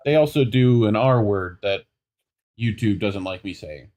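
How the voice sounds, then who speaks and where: A man's voice: on the low side, measured pace, dark tone. A young adult man co-hosting an independent news show, reading stories aloud and breaking off into sarcastic, riffing asides. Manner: sarcastic, riffing asides between quoted passages. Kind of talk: casual commentary reading news items.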